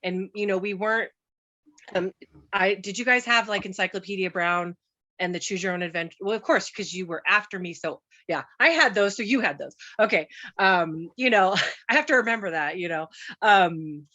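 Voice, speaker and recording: A woman's voice: mid-range voice, normal speed, bright, forceful tone. A middle-aged woman, a guest panelist on a film review show, chatting casually in a rambling, storytelling way. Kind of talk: casual chat.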